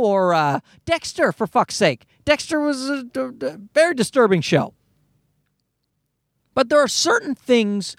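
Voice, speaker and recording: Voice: medium pitch, no room sound, clean studio sound. A podcast host ranting casually, swearing often and restarting sentences. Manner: profane, ranting, many restarts.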